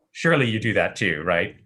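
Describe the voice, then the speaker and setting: A man's voice: on the low side, bright, forceful tone. A man co-hosting a live tech Q&A, chatting casually and making dry, self-mocking jokes. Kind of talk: casual live-stream banter.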